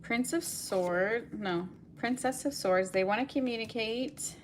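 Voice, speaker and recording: A woman's voice: a little high, a little slow, a little hiss or hum. A young woman giving a collective tarot reading, talking in a meandering way with many fillers. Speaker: tarot reader.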